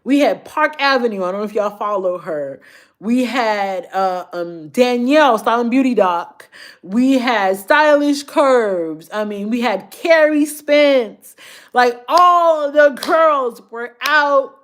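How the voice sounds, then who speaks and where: A woman's voice: on the high side, expressive, measured pace. A woman, a fashion YouTuber chatting casually and emotionally with her viewers on a live stream. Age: 30s.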